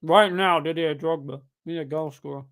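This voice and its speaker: A young man, pitched a little above most men, talks through a live football stream while reading chat aloud. He sounds tired and rambles casually, then breaks into excited shouts whenever the match heats up. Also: fairly quick. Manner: chatty, bursts of excitement at the game.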